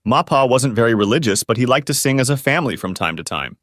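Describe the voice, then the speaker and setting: A man voicing a calm, kindly cowboy spirit from the old West, talking in a folksy Texas accent. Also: mid-range voice, fast talker, no echo, clean studio sound, close to an everyday voice. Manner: folksy, drawling, reassuring.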